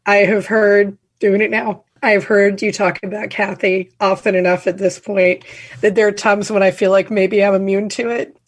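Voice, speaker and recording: A woman co-hosts a podcast in a mid-range voice with little rise and fall. Her delivery is reflective and measured, in relaxed conversation. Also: medium pitch. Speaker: podcast co-host. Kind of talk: casual conversation.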